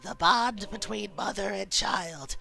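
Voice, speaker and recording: Woman voicing a slow hollow ghost mother. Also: medium pitch, gravelly, bright, forceful tone, full character voice. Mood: menacing. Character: vengeful spectral mother, cold and ancient.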